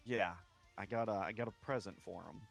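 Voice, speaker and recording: A man playing a character in a game roleplay, talking in a slow, flirty drawl. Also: on the low side, gravelly, faint music behind. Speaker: roleplay player.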